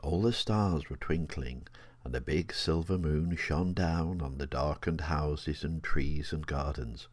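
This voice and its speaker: An older man reading his own children's story aloud in a gentle, expressive way. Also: a bass voice, measured pace, no echo.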